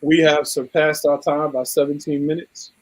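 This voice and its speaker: A man's voice: on the high side, level tone, moderate pace, poor audio. A man hosting a casual live talk show, teasing and playful as he wraps things up. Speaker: host.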